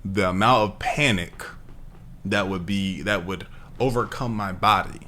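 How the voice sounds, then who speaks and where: A man's voice: low voice, a little slow, bright, forceful tone. A man giving casual reaction commentary over a video, talking in incredulous, rambling bursts and exclamations. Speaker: reaction streamer.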